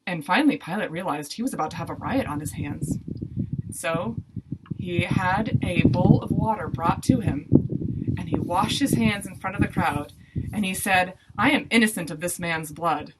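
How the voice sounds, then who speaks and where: A woman storyteller narrating a Bible story for children in a gentle, plain storytelling manner. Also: on the low side, moderate pace, heavy background noise. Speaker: Sunday school storyteller.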